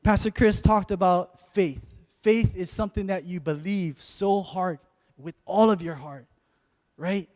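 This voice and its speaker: A man preaching a sermon to a congregation, calling out to them and building to loud exhortations. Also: high voice, a little slow, in a large hall. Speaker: pastor.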